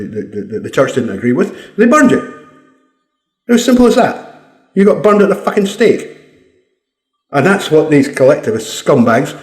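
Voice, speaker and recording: A man's voice: on the high side, darkish tone. A Scottish man giving a blunt, combative opinion monologue, swearing freely. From Scotland. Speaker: commentator. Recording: roomy echo.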